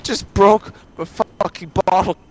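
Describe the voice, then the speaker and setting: A young man screaming, swearing and pleading in panic while a friend plays a video game, his voice going hoarse. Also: sits high, fairly even intonation, measured pace, a little mellow, slight background noise. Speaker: gaming friend. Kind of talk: panicked gameplay chat.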